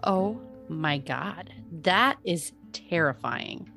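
Female podcast co-host, deep voice, casual skeptic, quiet music bed. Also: expressive, very slow, gravelly. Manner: skeptical, hedging with "who knows" and "you know". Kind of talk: casual chat about hauntings.

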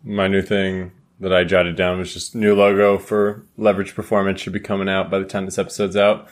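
Young male podcast host, lowish voice, relaxed and jokey. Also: brisk. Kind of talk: casual chat.

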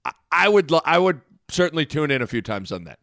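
Animated man retelling a chat. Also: on the high side, fast talker, no echo, studio quality. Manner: animated, quotes people in dialogue. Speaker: podcast co-host. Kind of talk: casual chat.

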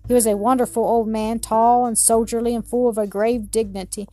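A woman narrating a children's story in a gentle, measured reading. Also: on the high side, little pitch movement, soft background music.

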